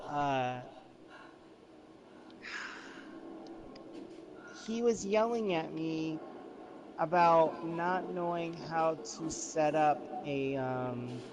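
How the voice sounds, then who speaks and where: A man's voice: mid-range voice, poor audio. A man livestreaming, telling long rambling stories in a casual chat full of fillers and restarts.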